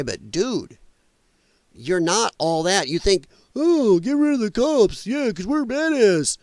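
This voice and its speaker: A man's voice: fairly high pitch, no echo. Guy doing blunt mocky news rants, voice bounces up and down a lot, dry close sound. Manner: blunt, sarcastic and mocking; rambling, trails off while scrolling. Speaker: podcast host. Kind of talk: opinionated news commentary.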